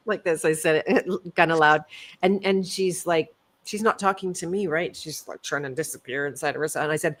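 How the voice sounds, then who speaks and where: A woman's voice: fairly low pitch, a little fast. A middle-aged woman in casual conversation, reflective, laughing at herself as she tells a story. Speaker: co-host.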